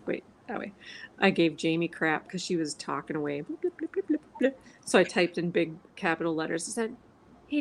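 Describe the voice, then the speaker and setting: Snarky Minnesotan woman, lowish voice. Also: creaky, slight background noise, rough recording. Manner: snarky, laughs often. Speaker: livestream co-host. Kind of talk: casual chat.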